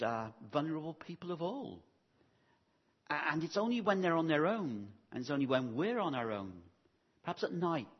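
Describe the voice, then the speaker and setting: A man's voice: fairly high pitch, breathy edge, dull audio. A man preaching a sermon in an earnest, pastoral way, often asking rhetorical questions.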